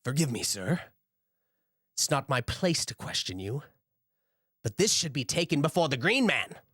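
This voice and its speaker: A man's voice: medium pitch, very animated, moderate pace, a bit bright, husky, dry recording, clean studio sound. A man voicing a suspicious young male soldier who speaks in a formal, cutting way.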